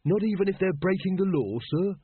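An eager, naive young male watchman, as a man puts him on for a storybook, lifted higher than the reader's own voice and asking wide-eyed questions. The tone is strongly husky. It sounds dry and narrow, as if heard down a phone line. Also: animated, fairly quick, no room sound, exaggerated voice.

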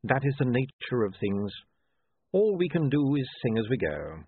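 A man reading aloud gives voice to a cold, calculating ruler who weighs every word. His delivery is precise and sardonic, with a lively rise and fall. The voice is husky and sounds thin, as if over a phone line. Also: medium pitch. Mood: dry. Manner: precise, measured, dryly sardonic. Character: cool, calculating male city ruler.

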